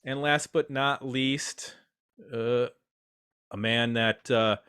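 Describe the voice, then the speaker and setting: A man's voice: medium pitch, fairly even intonation, takes it slowly, fairly bright tone, smooth. Chatty man hosting a roundtable. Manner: chatty, self-deprecating, introduces guests. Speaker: podcast host. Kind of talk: casual roundtable chat.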